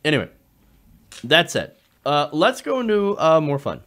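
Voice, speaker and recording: A man hosting a political commentary show, talking in an animated way with frequent fillers and restarts. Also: on the high side, normal speed.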